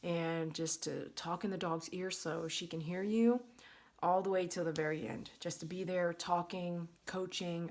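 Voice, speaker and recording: A woman's voice: fairly low pitch, fairly even intonation, unhurried, darkish tone. A woman, vlogging from her bedroom in a chatty, rambling way, full of fillers and restarts. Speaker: dog groomer and channel host. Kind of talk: casual vlog storytelling. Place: bedroom at home.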